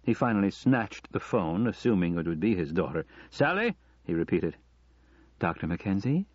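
Husky low-voiced male audiobook narrator. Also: a little fast, a little mellow, no echo. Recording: dull lo-fi audiobook recording.

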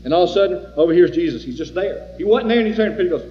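A man teaching an informal sermon, folksy and animated, acting out the scenes he describes. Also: high-pitched, racing, husky. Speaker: Bible teacher. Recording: dull lo-fi recording in a reverberant hall.

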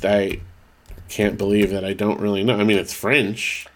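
A man's voice: lowish voice, little pitch movement, normal speed. Rambling male podcast co-host. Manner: rambling, self-correcting, reads listener mail aloud. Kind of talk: casual chat.

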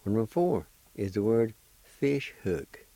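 This man's voice sits fairly low, with large pitch movement, a slow pace and a dark tone. The recording is rough and has no room sound. He hosts a radio lesson on Cherokee words, patiently spelling and pronouncing each one syllable by syllable.

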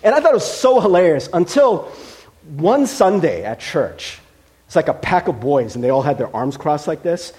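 A man's voice: a little high, animated, normal speed, darkish tone. A middle-aged man from Ohio, a pastor giving a conversational sermon, joking and acting out quoted voices. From Cincinnati, Ohio.

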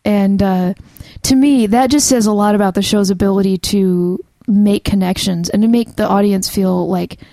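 Podcast co-host, female, mellow and chatty, dry close sound. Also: medium pitch, fairly even intonation, moderate pace, no echo. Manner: chatty, frequent fillers and restarts. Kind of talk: casual chat.

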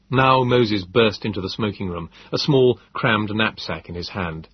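A man narrating a story in a measured, descriptive way. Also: on the low side, breathy edge, no echo, lo-fi sound. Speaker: audiobook narrator. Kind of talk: scripted narration.

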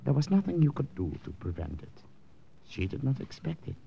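An actor playing a timid clerk who speaks earnestly and haltingly in a 1940s-style radio drama, on a muffled old recording. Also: male voice, medium pitch, wildly swooping pitch, vocal fry, mellow, slight background noise, heavily acted. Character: timid middle-aged male clerk turning brave. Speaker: administration clerk.

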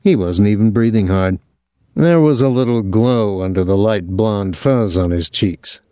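A man's voice: lowish voice, measured pace, warm tone, dry recording, clean studio sound. A man reading a novel aloud as an audiobook narrator, giving each character a voice.

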